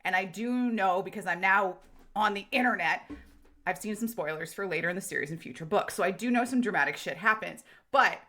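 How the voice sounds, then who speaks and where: A woman hosting a podcast in casual, animated chat, swearing freely and acting out quotes. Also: medium pitch, fairly quick. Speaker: podcast host.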